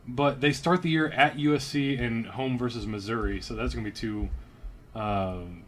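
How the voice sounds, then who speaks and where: A man from Louisiana co-hosting a casual sports podcast, rambling and joking as he thinks out loud. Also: medium pitch, normal speed, a little hiss or hum. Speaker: podcast co-host.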